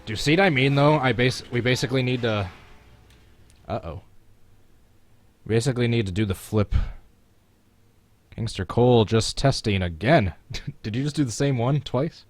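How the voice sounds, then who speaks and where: A man's voice: mid-range voice, moderate pace, pauses often. A man casually commentating his racing game on a live stream, chatting with viewers and chuckling as he plays. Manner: chatty, chuckling, talks to chat while playing.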